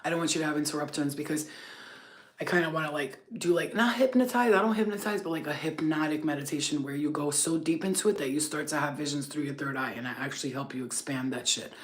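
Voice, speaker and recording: A fast-talking woman with a low voice hosts a spiritual healing channel and has an Albanian background. Her casual, unscripted rant to camera is blunt, full of swearing, rambling and stuffed with fillers.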